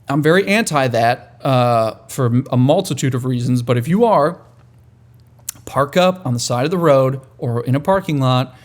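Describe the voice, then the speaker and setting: A man hosting a podcast in a casual monologue, rambling and profane with wry, dark humor. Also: medium pitch. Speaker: podcast host.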